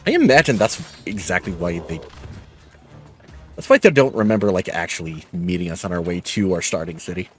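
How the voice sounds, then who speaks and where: A man's voice: low-pitched, big pitch swings, a little fast, soft background music. A man hosting a let's play, chatting casually about the story and swearing now and then. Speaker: VTuber let's play host. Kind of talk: casual gameplay commentary.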